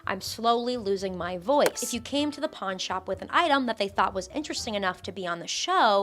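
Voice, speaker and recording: A woman's voice: mid-range voice, a bit bright. A young woman giving a casual, scripted commentary as a YouTuber, sarcastic, with swearing and laughs between lines.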